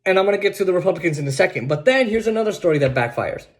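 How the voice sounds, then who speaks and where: A man's voice: high voice, lively intonation, rapid-fire. A man hosting a podcast of political commentary, sarcastic and emphatic, often repeating himself and restarting sentences. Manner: sarcastic and mocking, laughs at his own points. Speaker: podcast host.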